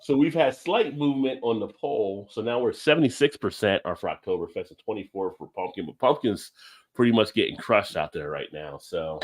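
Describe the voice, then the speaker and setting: A middle-aged man from New Jersey co-hosting a casual livestream, reading comments and ranting with big jumps in pitch. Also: fairly quick. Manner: animated, jumps high in pitch when ranting. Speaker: livestream co-host.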